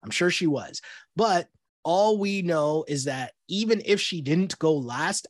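Casting: man, higher-pitched and husky, dry close sound, lively casual podcast co-host who laughs a lot. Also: dry recording. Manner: animated, laughs often, acts out quotes in mock voices. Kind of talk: casual chat recapping a reality show.

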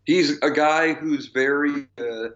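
A man's voice: on the high side, slow pace, fairly bright tone. A man co-hosting a podcast in casual chat, enthusiastic and laughing between phrases. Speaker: podcast co-host. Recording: slightly dull lo-fi mic.

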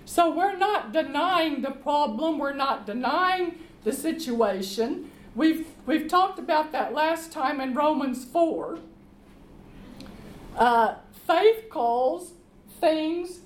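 A woman preaching a sermon, reading scripture slowly and emphatically and calling the congregation to respond. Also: high voice, expressive. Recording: echoey room with faint background noise.

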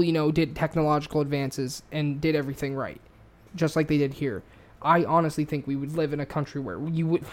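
A man in casual chat, ranting heatedly with lots of swearing and stumbling restarts. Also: a little high. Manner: heated, profane, repetitive restarts.

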